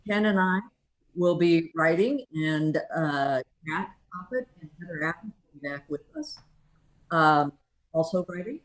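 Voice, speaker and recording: A woman hosting a theater show, giving closing thanks and announcements in a halting, filler-heavy way. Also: low voice. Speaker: theater host.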